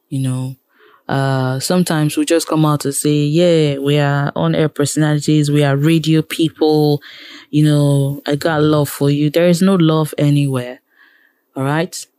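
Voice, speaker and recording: A woman's voice: sits low, mellow, dry recording. A Nigerian woman, a radio producer and presenter, speaking frankly in an interview, exasperated when she complains about her industry.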